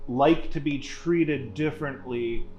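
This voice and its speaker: A man leads a group discussion, encouraging the others and asking probing follow-up questions. His pitch is in the middle range. He sounds distant, in an echoey room with faint music behind him. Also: slow pace, a little mellow, muffled recording. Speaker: discussion facilitator. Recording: echoey room, mic far off.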